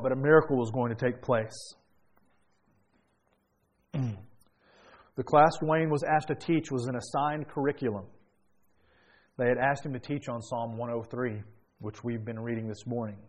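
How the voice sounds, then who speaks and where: A man preaching a sermon, telling a story quietly and then rising into loud, fervent praise. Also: mid-range voice.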